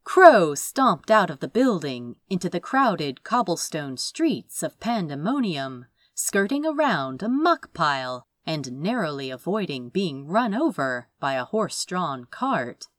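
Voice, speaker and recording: A woman narrating a fantasy audiobook in a measured, expressive way. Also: lowish voice, no echo, clean studio sound.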